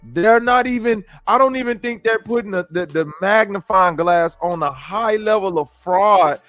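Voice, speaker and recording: A man's voice: sits high, moderate pace, a bit bright, soft background music. A man from the American Midwest hosting a stream, reacting to clips and talking to his chat in blunt, profane slang. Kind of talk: casual commentary with chat.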